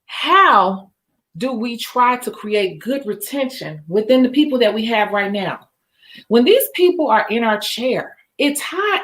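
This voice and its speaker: A woman's voice: on the high side, a bit bright. A woman teaching nail techs in a casual, chatty coaching tone, acting out a salon appointment with a client. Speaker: nail tech educator. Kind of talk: instructional chat with role-play demo.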